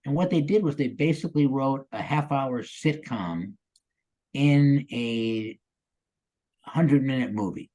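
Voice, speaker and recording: A man's voice: medium pitch, unhurried, warm tone, rough recording. Rambling chatty man in his sixties. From Chicago area, USA. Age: 60s. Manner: rambling, full of "you know" and "um", chatty and upbeat. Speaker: guest actor. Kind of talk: casual interview storytelling.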